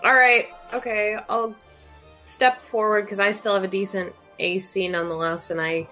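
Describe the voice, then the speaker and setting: Woman player, excitable and blunt, bright tense tone. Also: mid-range voice, moderate pace, soft background music. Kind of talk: casual tabletop play.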